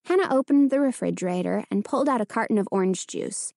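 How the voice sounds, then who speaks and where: A woman narrating a children's storybook in an expressive storytelling manner. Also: mid-range voice, quick pace, gravelly, no room sound, studio quality. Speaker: audiobook narrator. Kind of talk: scripted narration.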